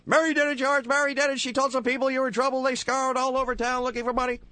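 A frantic, flustered older man, as a radio host puts him on. The voice jumps high and the words tumble out fast and breathless. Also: little pitch movement, sharp tone, dry recording.

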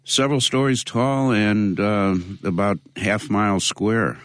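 A man being interviewed, speaking in a measured way with many pauses and fillers. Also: on the low side, no room sound, clean studio sound. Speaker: interview guest, local activist. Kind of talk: conversational interview.

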